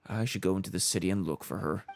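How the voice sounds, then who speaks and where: A man's voice: low-pitched, fast talker, a little mellow, a little hiss or hum. A man hosting a let's play, chatting casually and often correcting himself. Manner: chatty, self-correcting, laughs easily. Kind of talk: casual game commentary.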